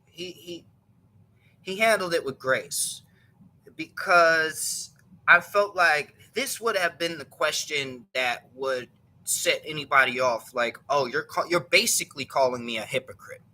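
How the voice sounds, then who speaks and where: A man's voice: on the high side, measured pace, sharp tone, rough recording. A man casually retelling a story, rambling and correcting himself as he goes, with a chuckle in his voice. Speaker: show host.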